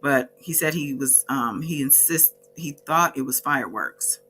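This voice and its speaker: A woman's voice: rumbling low, animated, unhurried, pushed and bright, soft background music. A woman vlogger casually recapping a court day from her notes, with chatty asides and frequent self-corrections.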